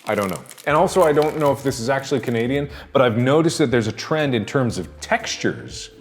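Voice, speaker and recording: A young American man rambles through a comic snack review, mocking himself as he goes. His pitch swings widely, up and down. A faint hiss sits under the recording. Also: fairly quick. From United States. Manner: self-mocking, rambling, animated delivery. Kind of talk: comedic vlog monologue.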